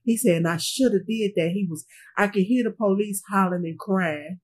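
Middle-aged mother, husky and halting, interview subject recounting loss. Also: mid-range voice, darkish tone, rough recording. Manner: halting, repeats herself, trails off. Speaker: grieving mother being interviewed. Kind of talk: emotional personal recounting.

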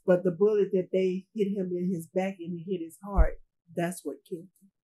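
Woman, husky voice, halting personal testimony, repeats herself. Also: fairly low pitch, level tone, dark tone, rough recording. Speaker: grieving mother interviewee.

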